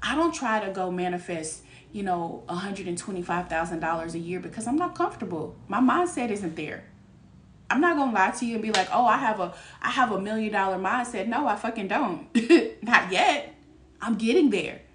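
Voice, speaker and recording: A frank, lively woman gives a live tarot reading with streetwise slang and frequent laughter. Her mid-pitched voice rings in a roomy, echoey space. She sits a little back from the mic. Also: normal speed, far from the mic, slight background noise. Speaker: tarot reader. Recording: echoey room, voice a bit off-mic.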